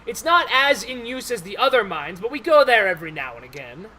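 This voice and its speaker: A stubborn, bigoted dwarf mine boss blusters and bristles, as a man plays him in a tabletop game. The voice sits high and bright, with a faint hiss of background noise. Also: sing-song, brisk, heavily acted. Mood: indignant. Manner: indignant, blustering.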